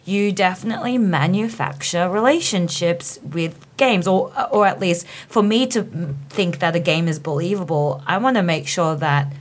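A woman's voice: on the low side, moderate pace, few pauses. A woman speaking on a panel, thinking aloud and searching for words as she goes. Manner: thoughtful, searching for words with fillers. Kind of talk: casual panel chat.

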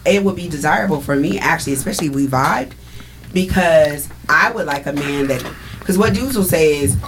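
A woman's voice: low-pitched, expressive, fairly quick, a little hiss or hum, low-quality recording. A woman co-hosting a frank casual chat, explaining her views earnestly in long runs.

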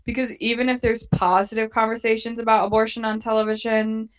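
A woman's voice: fairly high pitch, flat delivery, brisk. A young woman co-hosting a podcast in casual chat, talking in loose, filler-filled sentences and laughing often. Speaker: podcast co-host recapping a TV show.

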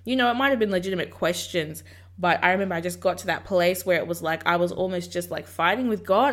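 A woman's voice: fairly low pitch, fast, a bit bright. A woman hosting a podcast, talking casually and reflectively about faith and acting out her own inner dialogue. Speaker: podcast host. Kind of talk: casual faith encouragement talk.

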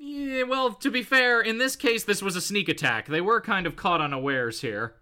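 A man's voice: high-pitched, expressive, normal speed, pushed and bright, smooth. A man co-hosting a podcast, recapping comics in casual chat, laughing often and reading lines in playful voices.

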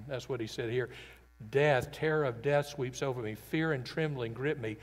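A male pastor preaches with earnest emphasis, his somewhat high voice rising to loud declarations and dropping to near-confiding quiet. The sound trails off in the long reverb of a large hall. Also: fairly even intonation, normal speed. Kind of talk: sermon.

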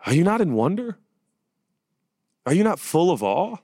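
A man preaching a conversational sermon, telling personal stories in a chatty, animated way and building to excited rhetorical questions. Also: fairly high pitch, moderate pace, no echo. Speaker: pastor.

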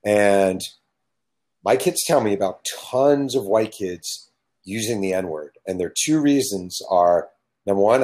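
A man's voice: lowish voice, animated, measured pace, a little mellow. A middle-aged man from California talking bluntly and with emphasis in a casual chat, telling stories from his working life.

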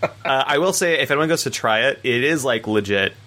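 A young man co-hosting a podcast, chatting in a relaxed, rambling way with many fillers. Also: medium pitch, fairly quick. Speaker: podcast co-host. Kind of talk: casual chat.

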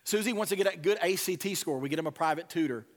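A middle-aged man preaching a sermon in a fairly high voice. He swings between loud, pressing emphasis and hushed, quiet passages, talking straight to parents in the pews. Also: fast. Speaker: pastor.

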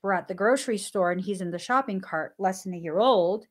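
Animated storytelling mom. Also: female voice, fairly quick. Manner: animated, laughs often while telling stories; acts out dialogue with sudden pitch jumps. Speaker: stay-at-home mom and podcast guest. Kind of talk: casual anecdotal storytelling.

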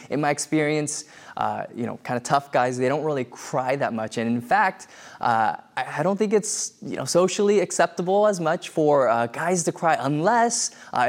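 A man preaching a sermon in a conversational way, with many fillers and restarts. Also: medium pitch. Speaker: pastor.

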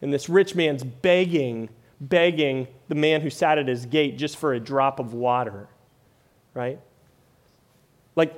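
A man preaching a sermon in a conversational way, often tagging lines with "right?" and "like". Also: a little high. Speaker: pastor.

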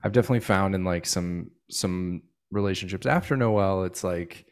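A man's voice: sits low, moderate pace. A man in his thirties co-hosting a podcast, talking in a laid-back, rambling way with lots of fillers. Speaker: podcast co-host. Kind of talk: casual podcast chat.

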